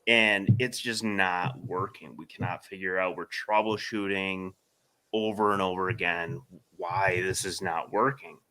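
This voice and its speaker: A young man with a bright, forceful voice spins a story on a casual podcast. He speaks unhurriedly, swears freely and breaks into laughter as he goes. His voice sits on the low side. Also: fairly even intonation, measured pace. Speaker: podcast co-host.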